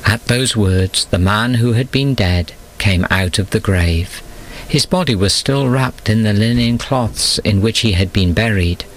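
A man giving scripted storybook narration in a steady, measured reading. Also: fairly low pitch, slight background noise, rough recording.

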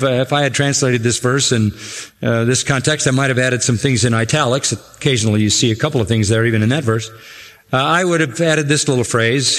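A man's voice: mid-range voice, a bit bright, in a large hall. A man preaching a sermon, stressing and repeating key phrases for emphasis.

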